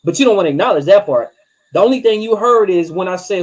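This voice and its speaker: A man co-hosting a casual relationship podcast. He is animated and profane, and drops his voice low when he acts out things said to a partner. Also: fast talker, low-quality recording. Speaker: podcast co-host.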